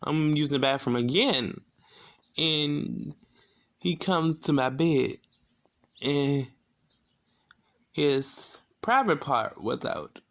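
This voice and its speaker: A young man telling a casual storytime, animated and talking straight to his viewers. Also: fairly high pitch, takes it slowly, vocal fry, pauses often. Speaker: vlogger.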